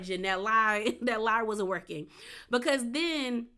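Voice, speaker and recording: A woman's voice: fairly high pitch, slow pace, sharp tone. A woman giving a casual, sassy recap of a reality show, chatty and playful. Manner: chatty and sassy, acts out quotes with gasps and laughs.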